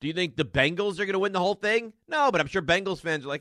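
A man hosting sports talk radio, animated and sarcastic as he rants. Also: sits high, fast, hardly any pauses, no room sound, studio quality.

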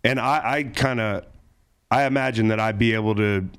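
A man's voice: fairly low pitch, fairly even intonation, moderate pace, fairly bright tone, clear, resonant tone. A man hosting an interview, talking at length in an earnest, conversational way.

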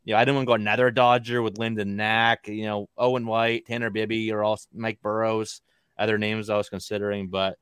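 This man's voice is fairly low, level, smooth, and fairly bright, and he speaks briskly. As a podcast co-host he chats casually and rambles, with many fillers and restarts, in a clean studio recording without echo.

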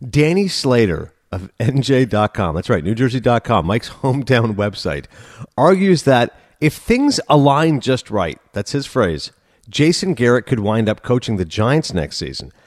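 A man co-hosting a sports podcast, chatting casually and reading news items aloud in a quick, lively way. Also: mid-range voice, no room sound, studio quality. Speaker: podcast co-host.

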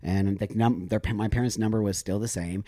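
A man's voice: lowish voice, fairly even intonation, fairly quick, warm tone, no room sound, clean studio sound. A man talking openly and with feeling as a podcast guest, telling personal stories and backing up the hosts. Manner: emotional, open, affirming. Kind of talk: candid podcast storytelling.

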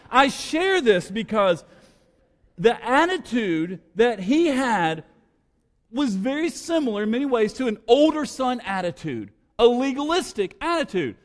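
High-voiced preacher in a reverberant church. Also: male voice, expressive, normal speed. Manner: storytelling, emphatic, swings between loud and quiet. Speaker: pastor. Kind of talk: sermon. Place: church sanctuary. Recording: long hall reverb.

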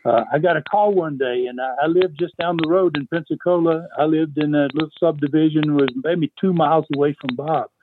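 An older man, a veteran wrestling promoter, is the guest on a phone interview, spinning rambling stories from the wrestling era full of fillers and chuckles. His voice is fairly high and fairly even, moving a little fast with hardly any pauses. The tinny line carries a little hiss or hum.

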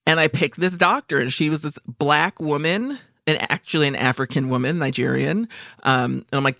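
A woman in her forties with a deep, gravelly, somewhat bright voice speaks at a moderate pace, recorded studio-clean with no room sound. A podcast co-host, she tells a comedic story laced with profanity, acting out other people's lines.

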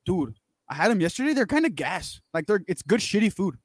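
A man's voice: sits high, very animated, brisk, no room sound, clean studio sound. A man co-hosting a casual sports podcast, slangy and full of wisecracks. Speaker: podcast co-host. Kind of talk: casual chat.

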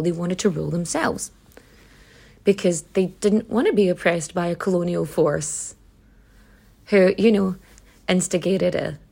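Speaking in a fairly low, slightly mellow voice with vocal fry and a breathy edge, a woman from Donegal, Ireland hosts a storytelling podcast. In her Donegal accent she narrates history chattily, irreverently and with plenty of swearing.

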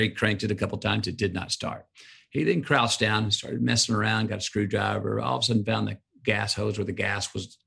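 A man being interviewed as a guest on a podcast, telling stories in a lively way and acting out the sayings of his parents. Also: lowish voice, creaky, husky. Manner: animated storyteller who acts out his parents' sayings. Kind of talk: casual interview storytelling.

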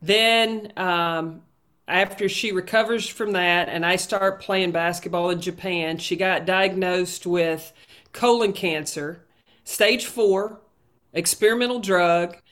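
A middle-aged woman, a guest on a podcast, telling stories in a slow, unhurried way. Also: fairly low pitch, steady tone, a bit bright. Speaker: guest, basketball coach and commentator. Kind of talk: casual interview chat.

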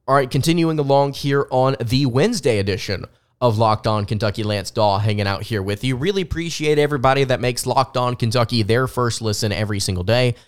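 Smooth-voiced Southern sports podcast host. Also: male voice, mid-range voice, brisk. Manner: enthusiastic, repeats words when restarting.

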